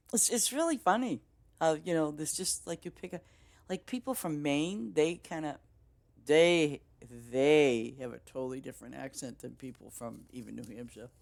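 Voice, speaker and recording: Low-voiced Boston woman, rambling chat. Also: measured pace, creaky, pauses often, darkish tone. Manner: rambling, chatty, laughs easily. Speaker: game streamer. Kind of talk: casual chat with stream viewers.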